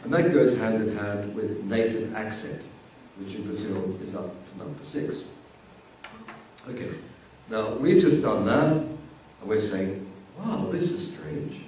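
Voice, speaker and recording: Male lecturer, casual classroom delivery, mellow tone, recorded from a distance. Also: on the low side, measured pace, long pauses, slight background noise. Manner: conversational, repeats words while thinking. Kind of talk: university lecture. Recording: echoey room, voice from afar.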